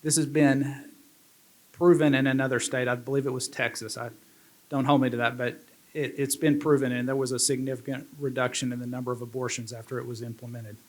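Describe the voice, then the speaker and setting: A man's voice: mid-range voice, little pitch movement, a little fast. A man speaking as a state representative at a fundraising banquet, earnest and prone to restarting his sentences. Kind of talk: banquet speech.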